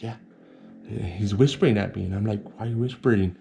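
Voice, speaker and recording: A man's voice: on the low side, normal speed, gravelly, long pauses, warm tone, a little hiss or hum. A man casually telling a personal story to the camera, rambling and repeating words, sometimes acting out other people in a whisper.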